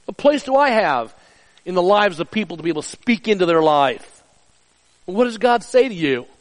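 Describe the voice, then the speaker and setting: A middle-aged man preaching a sermon with earnest emphasis, dropping soft and low for personal stories. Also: very animated, moderate pace, in a large hall, poor audio. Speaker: pastor.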